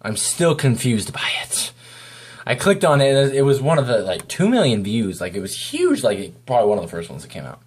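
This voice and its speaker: A man's voice: medium pitch, wildly swooping pitch, brisk, breathy edge. Rambling young-sounding guy reviewing a video. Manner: rambling, loose and off the cuff. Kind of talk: casual spoken review.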